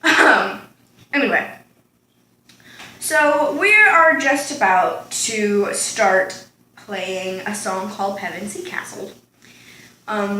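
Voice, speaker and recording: A woman's voice: mid-range voice, bright, forceful tone, slight background noise. A teenage girl chatting casually to her camera in a home kitchen, rambling off on tangents with lots of ums and likes. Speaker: vlogger. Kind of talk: casual storytime chat. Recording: echoey room.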